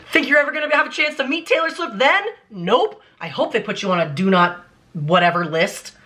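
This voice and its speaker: A young adult woman talking casually on her vlog, breaking down song lyrics in an emphatic, animated way with lots of "like" fillers. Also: sits high, normal speed. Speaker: vlogger analyzing song lyrics. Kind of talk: casual commentary.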